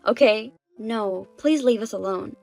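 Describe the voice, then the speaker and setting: A woman's voice: medium pitch, moderate pace, rough recording. A woman voicing the wronged wife in a dubbed story drama, speaking plainly and with indignation.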